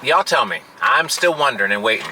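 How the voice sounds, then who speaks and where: A man talks casually and teasingly, co-hosting from a parked car. His pitch jumps around a lot as he jokes. Traffic and ambient noise come through clearly behind him. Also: brisk, poor audio. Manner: playful, teasing, lively back-and-forth. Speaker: co-host, husband. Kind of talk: casual chat.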